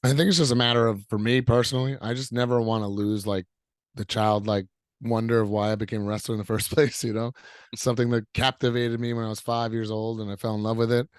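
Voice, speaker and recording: A man's voice: mid-range voice, level tone, quick pace, clean tone, no echo, studio quality. A man in his thirties, a wrestler answering interview questions in an upbeat, easygoing way, rambling a little with fillers. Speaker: professional wrestler guest.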